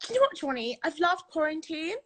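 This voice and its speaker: A young British woman from England, chatting as a guest over a video call from her flat, bubbly, giggly and gushing. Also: sits high, fairly quick. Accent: British English. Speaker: guest, reality show contestant. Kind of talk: casual video-call chat.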